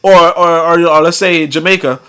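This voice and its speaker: A man's voice: on the high side, steady tone, moderate pace, bright, forceful tone, clear, resonant tone. A man hosting a casual talk show, rambling and joking as he reads comments and articles, laughing often and acting out other people's voices. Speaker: podcast host.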